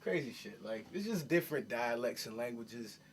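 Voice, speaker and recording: A man's voice: medium pitch, animated, normal speed, breathy edge. A man in his twenties, a rapper from New York raised in Miami, chatting loosely in an interview, full of "like" and "you know what I mean". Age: 20s. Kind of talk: casual interview chat.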